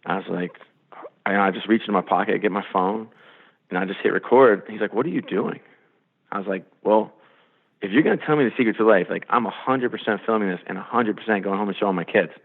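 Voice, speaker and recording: A man, a sports executive, telling animated stories in a podcast interview and acting out the quotes. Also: on the low side, fast talker. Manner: animated storyteller, acts out quotes. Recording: phone-line quality.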